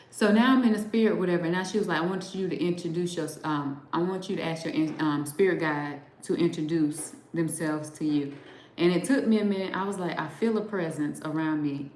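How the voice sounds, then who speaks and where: A woman hosting a live show, casually retelling a personal experience in animated detail, with lots of fillers and quoted back-and-forth. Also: deep voice, a little fast. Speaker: show host. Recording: echoey room.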